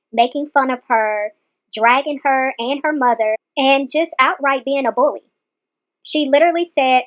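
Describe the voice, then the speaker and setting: A woman's voice: high voice, poor audio. A woman hosting a reaction channel, explaining a clip in an indignant, critical tone. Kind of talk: commentary on a clip.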